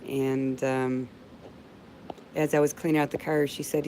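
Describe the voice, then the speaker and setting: A woman's voice: a bass voice, little pitch movement, unhurried, slight background noise, low-quality recording. A middle-aged woman chatting on a livestream, answering viewer comments and calling them babe. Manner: warm, heartfelt, calls viewers babe. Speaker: livestream host. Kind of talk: casual livestream chat reading viewer comments.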